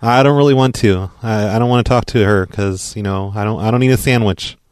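Deadpan man making a pushy prank call. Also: on the low side, fairly quick, clear, resonant tone, no echo. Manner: pushy, deadpan, matter-of-fact. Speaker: prank caller.

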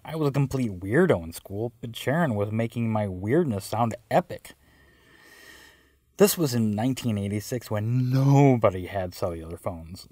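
A man's voice: on the low side, darkish tone, dry recording. A man telling a first-person story with wry, self-mocking narration.

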